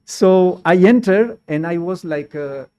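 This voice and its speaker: A man telling a lively personal story in halting, non-native English with small grammar slips, often laughing as he goes. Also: sits high, clear, resonant tone. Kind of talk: personal anecdote in conversation.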